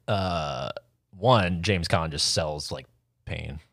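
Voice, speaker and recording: A man with a very deep voice chats casually about movies, loose and full of fillers. His sound is dry and close. He often breaks into laughter. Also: slow pace, creaky, a bit bright, no echo. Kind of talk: casual film chat.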